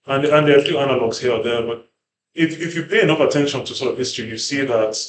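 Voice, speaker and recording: A man's voice: mid-range voice, quick pace. Man musing, roomy sound. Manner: thoughtful, hedging, many fillers and restarts. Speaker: panel guest. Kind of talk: conversational panel discussion. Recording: roomy with faint background ambience.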